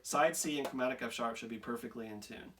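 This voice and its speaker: A man's voice: medium pitch, fast, far from the mic, noisy background. A man who repairs saxophones for a living, walking through a technical explanation step by step and often checking in with "right?". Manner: methodical, repeats "right?" as a check-in.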